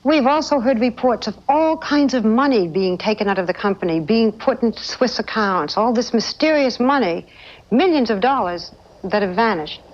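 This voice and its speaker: A woman reporter narrating a news segment and interviewing, in a measured, crisp delivery. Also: fairly high pitch, expressive. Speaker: TV news correspondent. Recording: dull lo-fi 1980s TV audio with faint noise.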